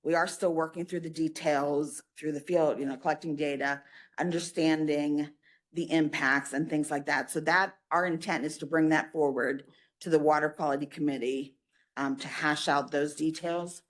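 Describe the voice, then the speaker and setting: A woman from a state agency presenting at a public commission meeting, answering questions in a measured way with frequent fillers. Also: low voice, steady tone.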